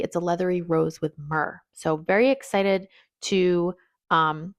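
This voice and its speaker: A woman with a slightly low voice talks casually through a long list of perfume notes. She is chatty and quick to laugh at her own pronunciation. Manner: chatty, rattles off lists, laughs at own French. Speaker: fragrance reviewer.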